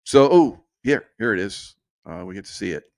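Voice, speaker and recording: A man's voice: lowish voice, animated, normal speed, a little mellow. A man hosting his own show with casual, rambling commentary, laughing often and drifting off point. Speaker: show host.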